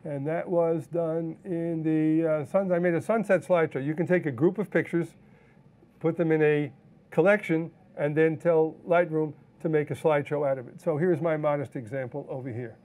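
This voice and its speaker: A man teaching a live photo-editing software demonstration, explaining step by step in a relaxed way with fillers and self-corrections. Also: a little high, moderate pace. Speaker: photography instructor.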